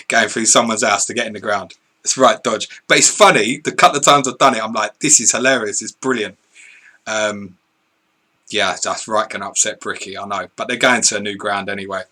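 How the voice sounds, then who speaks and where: A man's voice: fairly low pitch, normal speed, pushed and bright. A man, co-hosting a live stream, reading viewer questions and answering in blunt, sweary, casual chat. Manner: blunt, sweary, laughs easily.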